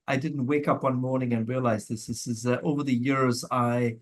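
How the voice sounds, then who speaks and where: Middle-aged guest from India, reflective and measured, restarts often mid-thought. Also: male voice, medium pitch, fairly even intonation. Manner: thoughtful, measured, with frequent restarts and light laughs. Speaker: guest, mental health professional. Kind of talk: conversational interview answers.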